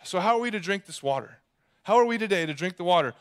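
Give me a man with a fairly high voice preaching a sermon as a pastor. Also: quick pace, smooth. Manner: animated storytelling.

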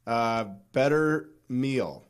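A man hosting a casual podcast interview, asking questions in a friendly way with relaxed slang. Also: mid-range voice, very slow, smooth. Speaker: podcast host.

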